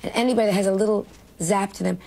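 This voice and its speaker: Gravelly New woman telling stories. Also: mid-range voice, racing. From New York. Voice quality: gravelly, husky. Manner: animated storyteller acting out quoted lines. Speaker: comedian interview guest. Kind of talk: television interview recollection.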